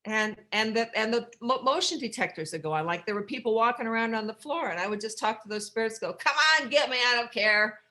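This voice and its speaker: A middle-aged American woman speaking at a recovery workshop, telling her own story in a candid, rambling way with dark humor and many restarts. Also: fairly high pitch, quick pace, hardly any pauses. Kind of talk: personal storytelling share.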